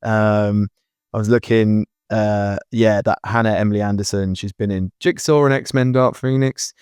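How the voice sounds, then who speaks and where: This co-host's lowish voice is clear, resonant, and a little mellow, with fairly even intonation at normal speed. He chats casually and earnestly, rambling through his thoughts with lots of fillers and restarts. His podcast mic gives a clean studio sound without any room sound.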